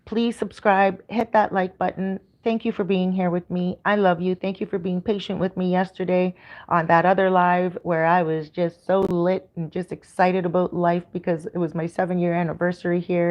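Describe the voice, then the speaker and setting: A woman's voice: lowish voice, a little mellow, lo-fi sound. A woman with a Canadian accent chatting casually on her livestream, upbeat and rambling with lots of ums and restarts. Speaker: YouTuber hosting a livestream.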